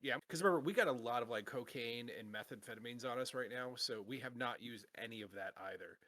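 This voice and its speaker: A man's voice: mid-range voice, quick pace, a bit bright. A man playing a tabletop game, rambling with lots of fillers and laughs. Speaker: player. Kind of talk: casual tabletop role-play.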